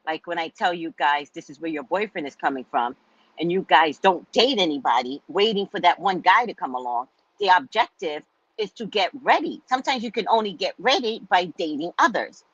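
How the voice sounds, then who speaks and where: A woman's voice: mid-range voice, no room sound, dull audio. A middle-aged woman, a psychic host, telling a personal story in a chatty monologue and acting out the voices of the people in it. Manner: animated, acts out quoted voices, chatty asides like "right?".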